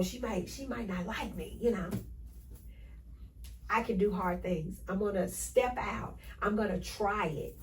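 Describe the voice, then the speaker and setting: A woman hosting a motivational podcast, talking in an energetic, preachy way and repeating affirmations to her listeners. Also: mid-range voice, moderate pace, distant mic, a little hiss or hum, rough recording. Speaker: podcast host.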